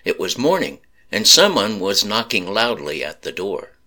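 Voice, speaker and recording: A man slowly narrating a sad story in a solemn reading voice. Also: lowish voice, big pitch swings, pushed and bright.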